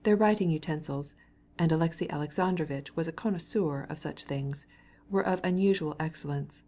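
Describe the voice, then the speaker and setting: A woman reading a classic novel aloud as an audiobook narrator, measured and steady. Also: low voice. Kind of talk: scripted narration.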